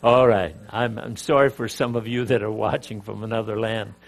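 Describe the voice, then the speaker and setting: A man's voice: on the low side, steady tone, normal speed, gravelly. An older man from Canada teaching a sermon, emphatic, rising and dropping in volume, with asides and jokes to his audience. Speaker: preacher.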